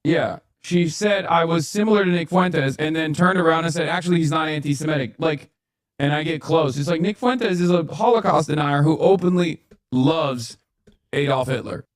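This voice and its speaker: A man's voice: a little high, normal speed. Emphatic man arguing in a clip. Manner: emphatic, argumentative. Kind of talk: political commentary clip.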